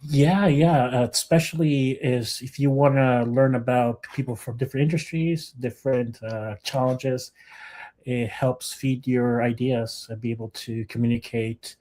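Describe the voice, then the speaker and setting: A man hosting a podcast interview over a video call, speaking haltingly with many fillers and restarts. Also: medium pitch, fairly even intonation, dark tone. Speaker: podcast host.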